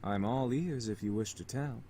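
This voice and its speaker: A man's voice: medium pitch, normal speed, dark tone, slight background noise, close to an everyday voice. An actor voicing a polite, composed male incubus in a dating game, speaking formally and courteously.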